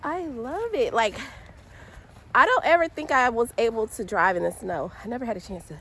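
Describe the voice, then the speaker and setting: A woman's voice: on the high side, lively intonation, moderate pace, sharp tone, breathy edge. A woman vlogging outdoors in the snow on a handheld phone, chatty and laughing, cold and a bit out of breath. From Georgia, US. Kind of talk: casual vlog outdoors in snow. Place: outdoors in snow, parking lot. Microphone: handheld phone camera.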